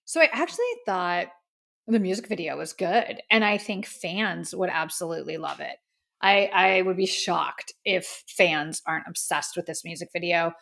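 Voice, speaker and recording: A woman's voice: on the low side, normal speed, vocal fry, fairly bright tone. Female podcast host, candid and chatty, at a studio mic. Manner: candid, chatty, opinionated, with frequent fillers. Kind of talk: casual music review podcast. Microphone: studio microphone.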